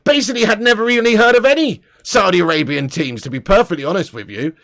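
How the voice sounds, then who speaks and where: A man hosting a casual live football show with a high-pitched voice. He talks in loose, slangy banter, curses freely, laughs often and answers viewer comments as he goes. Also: fast talker, a bit bright. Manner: chatty, swears and laughs, reads viewer comments. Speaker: football channel host.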